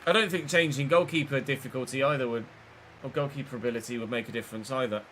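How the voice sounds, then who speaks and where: A young man streaming live, chatting through his football game and breaking into excited shouts between muttered asides. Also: medium pitch, fast talker, slight background noise. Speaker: gaming streamer.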